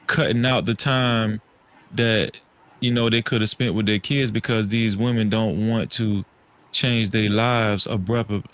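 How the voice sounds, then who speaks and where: A man co-hosting a podcast, talking in a relaxed, thoughtful way with frequent restarts and "you know". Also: fairly low pitch. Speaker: podcast co-host. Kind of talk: casual chat. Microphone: studio microphone, podcast setup.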